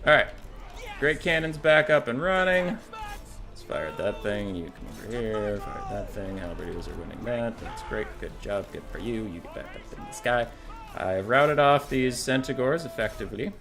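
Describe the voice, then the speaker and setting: A man's voice: on the low side, expressive, moderate pace, fairly bright tone, faint music behind. A man casually commentating a strategy game match in a jokey, irreverent way, swearing freely. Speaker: gamer.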